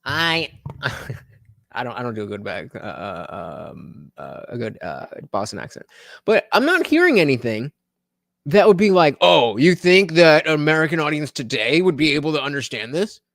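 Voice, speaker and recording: A man's voice: a little high, very animated, normal speed, vocal fry, a bit bright, dry recording, studio quality. A man casually commenting over video clips on a live stream, rambling with lots of restarts and repeated words.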